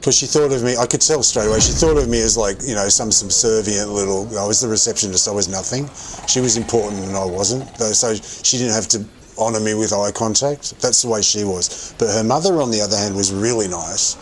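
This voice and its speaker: Low-voiced man telling rambling stories. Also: a little fast, a little hiss or hum, poor audio. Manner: rambling, self-correcting anecdote-telling. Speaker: streamer telling stories while gaming. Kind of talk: casual storytelling while playing a game.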